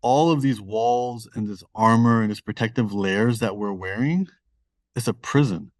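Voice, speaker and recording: A man with a Toronto accent speaks as a guest author in a laid-back podcast interview. He is open and self-deprecating, and his fairly deep voice comes across dry and close, with no room sound. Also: moderate pace, no echo. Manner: candid, self-deprecating, conversational.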